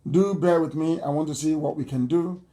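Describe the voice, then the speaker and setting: A man giving a live radio address and taking calls, forceful and repeating himself as he pleads with listeners. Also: fairly high pitch, a little fast.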